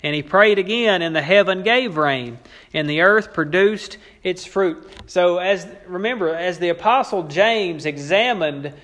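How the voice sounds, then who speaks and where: Guy preaching a sermon, fairly high voice, hammers his points over and over. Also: unhurried, a bit bright. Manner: emphatic, repetitive preaching cadence; wry, amused at points. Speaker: pastor.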